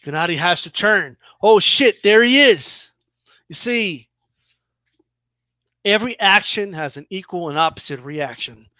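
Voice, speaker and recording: A man hosting his own boxing channel, giving casual, animated commentary with a mocking edge and frequent restarts. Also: sits high, measured pace, pauses often, no echo.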